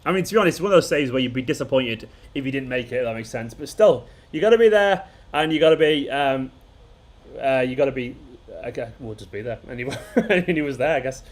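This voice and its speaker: He's a fast talker with a medium pitch and lively intonation, hosting a football fan channel's casual live watchalong stream. Expect rambling, chuckles, and sentences that get restarted midway.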